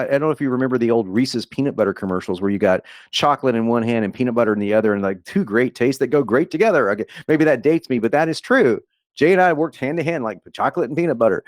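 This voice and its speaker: Man, excitable sales pitch, rambling, restarts, mid pitch, dry sound. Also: no room sound. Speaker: guest copywriter. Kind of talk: enthusiastic sales pitch on a webinar.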